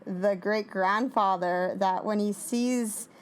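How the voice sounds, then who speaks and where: A woman co-hosts a casual recap of a TV episode at a mid-range pitch. She rambles and restarts her sentences often. She laughs easily between points. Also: fairly even intonation, takes it slowly. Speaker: co-host.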